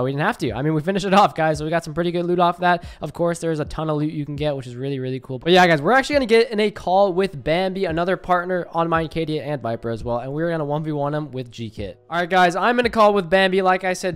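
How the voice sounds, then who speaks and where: A young man giving casual gameplay commentary, excitable and quick to panic when attacked. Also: fairly high pitch, smooth. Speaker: gaming YouTuber.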